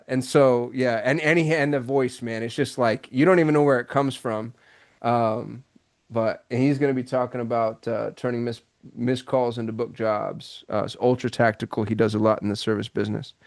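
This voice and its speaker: A man hosting a live call-in business show, talking in an excitable, rambling way with many restarts over a video call. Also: medium pitch. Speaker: host. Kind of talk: casual live show chat.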